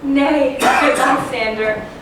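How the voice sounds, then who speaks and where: A woman playing a modest young noblewoman in love on stage, with gentle, earnest delivery. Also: sits high, slow. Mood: tender. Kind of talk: live stage acting. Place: theater stage. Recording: echoey theater from far off, background noise.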